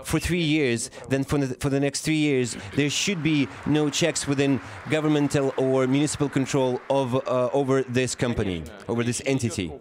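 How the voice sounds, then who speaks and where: A man giving a live interpretation of a formal speech, halting and often pausing to correct himself. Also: mid-range voice, fairly even intonation. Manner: halting, with frequent pauses and self-corrections. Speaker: simultaneous interpreter.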